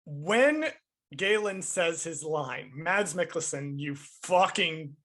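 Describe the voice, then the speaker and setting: A man's voice: a little high, slow. A man co-hosting a podcast, chatting casually and emphatically while reviewing a film. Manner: animated, emphatic, swears casually. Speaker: podcast co-host.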